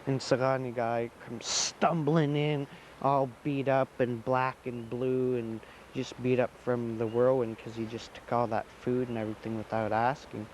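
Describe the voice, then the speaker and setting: Man storyteller, relaxed retelling, mid pitch, faint hiss behind. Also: normal speed, low-quality recording. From Alaska. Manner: loose, repetitive, conversational storytelling. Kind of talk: oral folk tale telling.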